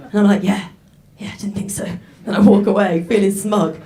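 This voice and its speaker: A woman's voice: mid-range voice, fairly even intonation, brisk, mellow. A young woman doing a stand-up set on stage, chatty and self-mocking, with lots of fillers. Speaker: stand-up comedian. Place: stage before a live audience.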